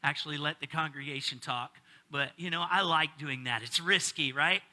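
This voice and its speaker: A man's voice: a little high, moderate pace, sharp tone. A middle-aged male pastor preaching a casual sermon, joking and bantering with his congregation.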